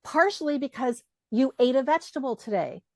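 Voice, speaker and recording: A middle-aged woman coach speaking as a guest in a relaxed interview, her voice sitting a little high. She tells lively stories, acts out the voices of the people she quotes and swears casually. The sound is dry and close, with no room echo. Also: moderate pace.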